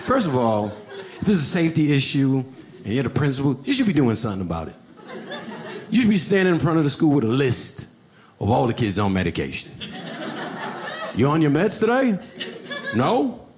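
Animated stand-up comic, lively voice. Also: male voice, quick pace. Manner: animated, acts out characters with big pitch jumps. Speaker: stand-up comedian. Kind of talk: stand-up comedy storytelling.

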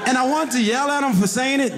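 A man doing stand-up comedy, telling stories and acting out characters with big jumps in pitch, on a comedy club stage. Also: fast talker, noisy background.

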